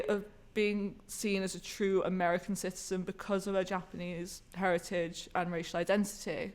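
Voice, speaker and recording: A woman's voice: on the low side, fairly even intonation, normal speed, few pauses, a little mellow. A woman co-hosting a podcast, giving an earnest, analytical review of a theatre show. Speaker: podcast co-host reviewing a musical. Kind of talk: casual review chat.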